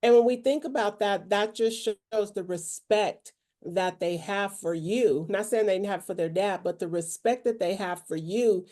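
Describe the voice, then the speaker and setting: A woman's voice: mid-range voice, normal speed, dark tone. A woman preacher co-hosting a casual faith podcast, speaking firmly and with authority. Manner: firm, assertive, speaks with authority. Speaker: preacher, co-host.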